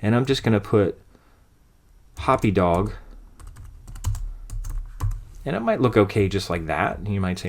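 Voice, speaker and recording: Low-voiced man walking through a tutorial. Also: moderate pace, a little hiss or hum. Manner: relaxed, thinking aloud step by step. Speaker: design instructor. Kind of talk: screen-recorded software tutorial.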